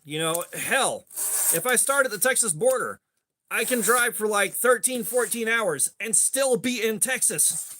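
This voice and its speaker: A man's voice: sits high, expressive, a little slow, sharp tone, slight background noise. A middle-aged man hosting a casual livestream chat, rambling and swearing freely with a lot of filler. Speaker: host.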